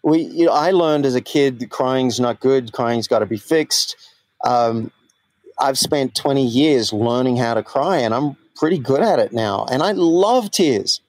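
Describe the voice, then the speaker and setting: A man's voice: mid-range voice, measured pace, no echo. Podcast host man, open personal stories, dry close sound. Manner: candid, personal storytelling. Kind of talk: casual chat.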